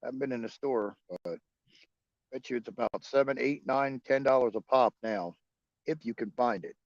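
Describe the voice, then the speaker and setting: Gravelly man rambling on a livestream. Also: mid-range voice, normal speed, no room sound, lo-fi sound. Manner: profane, rambling, chuckling often. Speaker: livestream host. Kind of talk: casual livestream chat answering viewers.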